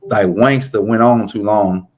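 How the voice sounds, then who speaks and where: A man co-hosting a podcast, talking in a relaxed, rambling way full of "like" and restarts. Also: fairly low pitch. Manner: relaxed, drawn-out storytelling with frequent "like". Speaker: podcast co-host. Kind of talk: casual chat.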